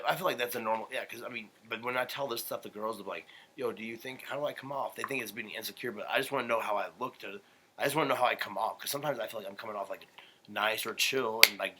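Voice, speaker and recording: A man's voice: fairly low pitch, noisy background. A young man, a podcast guest, telling rambling, heated stories in casual chat and swearing a lot.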